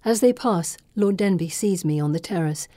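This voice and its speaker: A woman reading a first-person novel with measured, dramatic narration. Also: on the low side, mellow, no room sound. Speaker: audiobook narrator.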